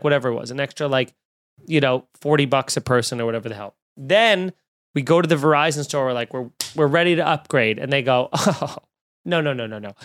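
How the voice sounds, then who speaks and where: A man telling a long, animated story in casual talk, swearing and acting out both sides of the calls he describes. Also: a little high, no echo, clean studio sound.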